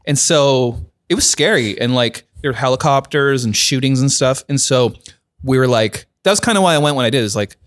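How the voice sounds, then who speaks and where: A young man hosting a comedy podcast in casual chat, telling stories in a rambling way with lots of "like". His pitch sits in the middle for a man. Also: animated, normal speed, a bit bright. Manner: rambling storytelling, heavy with "like".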